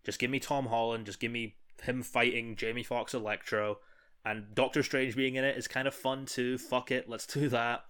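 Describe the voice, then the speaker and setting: A man's voice: mid-range voice, little pitch movement, normal speed, fairly bright tone, smooth. A man with a mid-range voice co-hosts a casual film podcast. He is blunt and opinionated and swears freely as he talks. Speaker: podcast co-host.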